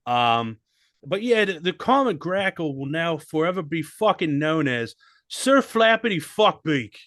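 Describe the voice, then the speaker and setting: Crude joking man with a lively voice. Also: fairly high pitch, a little slow, no room sound. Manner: joking, crude, slips into mock English accent. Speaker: podcast co-host. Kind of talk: casual comedic chat.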